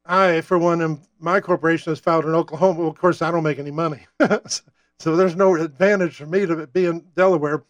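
A man's voice: on the high side, steady tone, fast, dry recording, muffled recording. An American man delivering a profane, worked-up political rant as a talk-show host. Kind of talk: ranting political monologue.

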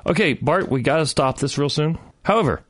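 A man's voice: a little high, brisk, no room sound. A man in his thirties, a bit tipsy, hosts a casual podcast chat. His voice swings up and down a lot, and he jokes and curses freely. The recording is close and dry. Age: 30s. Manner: animated, joking, profane. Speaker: podcast host.

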